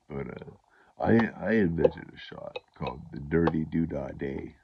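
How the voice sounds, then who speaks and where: A man vlogging his recovery story in a halting, rambling way, full of fillers and restarts, and a bit stuffed up. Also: a bass voice, lively intonation, gravelly, husky. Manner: chuckles to himself. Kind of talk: casual rambling monologue. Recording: dull lo-fi recording.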